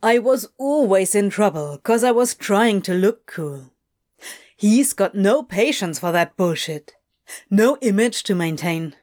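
A woman reading an audiobook, voicing a wry, guarded young man who swears bluntly and scolds himself, spoken at a slow, unhurried pace. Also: mid-range voice, expressive, darkish tone, lightly acted. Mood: candid, offhand.

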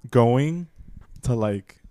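A man's voice: medium pitch, animated, very slow, mellow, no room sound. A young man co-hosting a casual chat podcast, rambling with lots of fillers, apologizing and laughing often. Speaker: podcast co-host.

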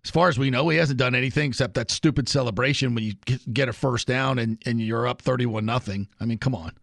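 A man's voice: mid-range voice, fast, gravelly, fairly bright tone, dry recording, studio quality. A man hosting a sports talk radio show, delivering an opinionated, emphatic monologue.

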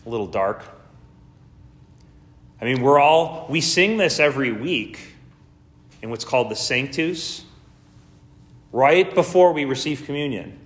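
A man's voice: medium pitch, expressive, a little slow, long pauses, fairly bright tone. A man preaching a sermon as pastor, in a casual, conversational way with slangy asides.

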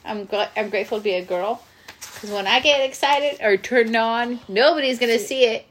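A woman's voice: fairly high pitch, moderate pace, a bit bright, slight background noise. A woman co-hosting a podcast in casual chat, giggly, reading aloud from a book. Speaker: podcast co-host.

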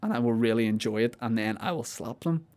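A man's voice: medium pitch, fairly quick, darkish tone. A man, a comedian riffing playfully through a podcast monologue with plenty of swearing.

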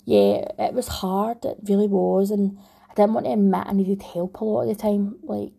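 A woman's voice: mid-range voice, expressive, moderate pace, vocal fry, mellow, slightly rough. A young woman with a Scottish accent telling a heartfelt personal story in a rambling way, often restarting her sentences. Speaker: vlogger, new mum.

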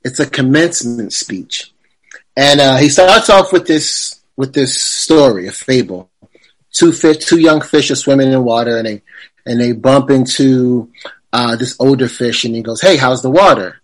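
A man's voice: mid-range voice, measured pace, low-quality recording. A man speaking as a podcast guest, reflective and rambling, with fillers and restarts. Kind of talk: casual conversation.

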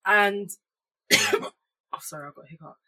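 A woman's voice: mid-range voice, huge pitch swings, measured pace, pushed and bright, breathy edge. A young woman, chatting bluntly and sharing her opinions as a podcast co-host. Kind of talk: casual chat.

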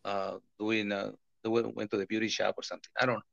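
Bright-voiced man, halting speech. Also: lowish voice, flat delivery, creaky, dry recording. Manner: halting, many fillers and restarts. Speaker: interview guest. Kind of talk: personal interview talk. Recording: dull, slightly lo-fi recording.

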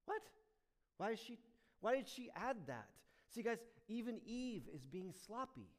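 A male pastor preaching a sermon, emphatic, swinging between loud stressed lines and hushed asides. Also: high voice, big pitch swings, a little slow.

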